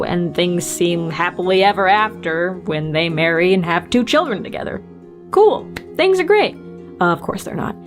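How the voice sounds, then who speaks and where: A woman host narrating folklore with dry, sarcastic asides in a casual storytelling style. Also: lowish voice.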